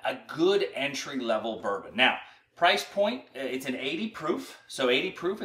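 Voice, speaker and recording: A man's voice: on the high side, fairly bright tone. Chatty man hosting a show in an echoey room. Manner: conversational, rambling with restarts. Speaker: host. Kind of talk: casual chat.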